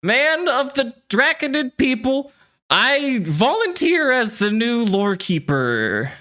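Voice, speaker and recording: A man voicing a drunk, shirtless young man who shouts in slow, drawn-out words. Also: extremely high pitch, sing-song, pitched above the performer's own voice, full character voice. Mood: bombastic.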